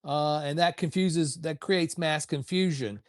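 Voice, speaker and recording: Insistent man with slightly high voice. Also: measured pace, no echo, studio quality. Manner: insistent, declarative rants. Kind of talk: casual chat.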